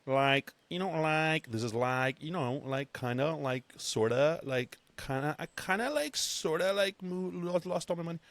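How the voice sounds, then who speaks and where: A man's voice: on the high side, unhurried, hardly any pauses, fairly bright tone, no echo, pitched above the performer's own voice. Man doing a stammering flustered money-loser. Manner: stammering filler-heavy rambling. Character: rambling flustered man who lost his money.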